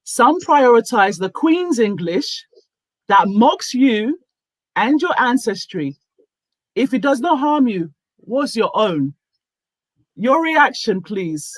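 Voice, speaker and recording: A woman hosting a casual online talk show, speaking deliberately and reading out her own posts with emphasis. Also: fairly high pitch, sing-song, no room sound, poor audio. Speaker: host.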